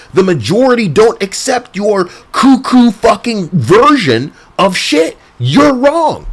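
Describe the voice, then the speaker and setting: Slow, lively-pitched male streamer. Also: breathy edge. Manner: crude, rambling, laughs often. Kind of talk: casual livestream rant.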